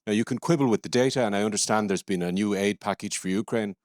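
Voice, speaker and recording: Impassioned Irish man, low voice. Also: fast, no room sound, studio quality. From Ireland. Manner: forceful, impassioned, rhetorical. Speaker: audience member, university academic. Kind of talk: conference floor question. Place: conference room.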